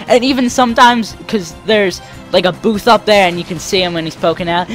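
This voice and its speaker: A man's voice: high voice, fairly quick, faint music behind. Rambling young man telling stories. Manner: rambling, animated, acts out the people in his stories. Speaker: let's play host. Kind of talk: casual storytelling over gameplay.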